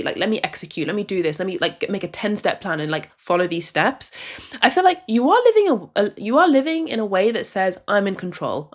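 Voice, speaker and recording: A young woman from the UK giving casual advice to camera, chatty and reflective, leaning on "like" as a filler. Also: fairly high pitch. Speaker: vlogger. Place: a room at home, in dim lighting.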